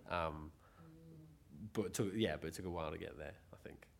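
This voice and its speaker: A man, a comedian, talking in an energetic, chatty way full of fillers. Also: deep voice, normal speed, vocal fry. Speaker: comedian, guest. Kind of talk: casual chat.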